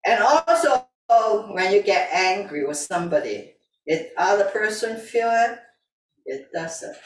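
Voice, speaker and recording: A woman teaching a tai chi class, calmly repeating breathing cues in simple, broken grammar. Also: medium pitch, unhurried. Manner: calm, repetitive breathing cues, simple non-native grammar. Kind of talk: guiding an exercise class. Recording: echoey room, voice from a distance.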